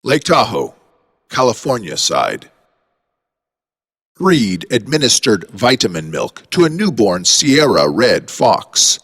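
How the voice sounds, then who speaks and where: A man reads a mystery story aloud with dramatic, wry narration. His voice is fairly low but moves a lot in pitch, and the recording has a long hall reverb. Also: sing-song, takes it slowly, fairly bright tone, husky.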